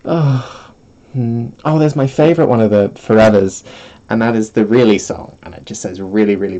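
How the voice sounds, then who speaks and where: A man's voice: lowish voice, mellow, lo-fi sound. A man chatting casually on a live stream, rambling and giggling, self-deprecating, close to his microphone. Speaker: vtuber streamer. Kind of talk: casual livestream chat. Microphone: streaming mic, close.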